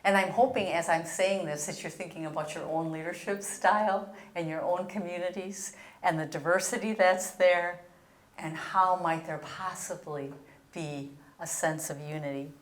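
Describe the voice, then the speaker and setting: A woman's voice: on the low side, fairly even intonation, moderate pace. Older woman presenting in an echoey room. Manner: earnest storytelling with read-out quotes. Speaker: religious sister giving a presentation. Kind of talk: historical presentation to ministries.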